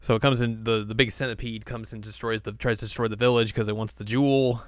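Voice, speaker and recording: A woman's voice: extremely low pitch, fairly even intonation, fast, dry recording, clean studio sound. A woman co-hosting a casual podcast, recapping an anime episode and acting out the characters in silly voices. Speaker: podcast co-host.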